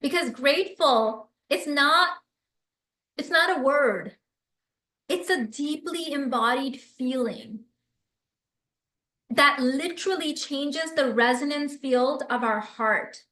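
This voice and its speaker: High bright-voiced woman doing a live stream, gushy and animated, reading comments out, echoey room. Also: slow. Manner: effusive, animated, reads viewer comments aloud. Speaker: livestream host and business coach.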